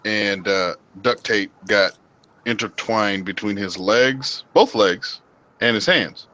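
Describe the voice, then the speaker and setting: A man's voice: lowish voice, takes it slowly, poor audio. A man from the United States hosting a livestream, swearing constantly as he tells long stories in casual chat with his friends. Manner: profane, rambling, animated storytelling. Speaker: livestream host. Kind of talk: casual group chat storytelling.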